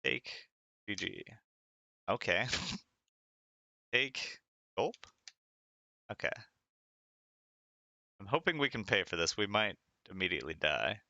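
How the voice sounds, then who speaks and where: A man's voice: lowish voice, very animated, slow pace, creaky, pauses often, pushed and bright, no room sound, dull audio. A man streaming a retro game, reading its text aloud with wry asides and frequent laughter. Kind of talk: casual game commentary.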